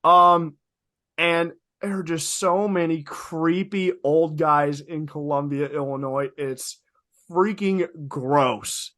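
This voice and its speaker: A young man co-hosting a podcast, telling stories in an animated, emphatic way, swearing freely and repeating lines for effect. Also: on the high side, takes it slowly, no echo, studio quality. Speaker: podcast co-host. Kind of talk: casual podcast storytelling.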